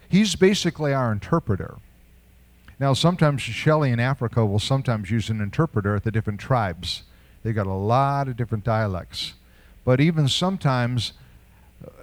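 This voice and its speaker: An older man, identified as a pastor, preaches a sermon conversationally, posing rhetorical questions and chuckling now and then. His voice sits at a medium pitch, with no echo.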